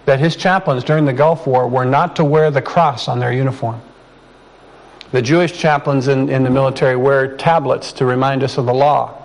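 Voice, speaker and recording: A man preaching a sermon, reading scripture slowly and deliberately, with calm conversational asides. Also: mid-range voice, poor audio. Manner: slow, deliberate reading with emphatic pauses.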